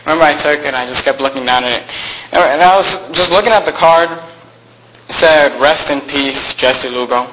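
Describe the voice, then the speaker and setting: A man telling a personal story aloud in a reflective, halting way, often restarting his phrases and slowing down at the heavy moments. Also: a little high, highs cut off, noisy background.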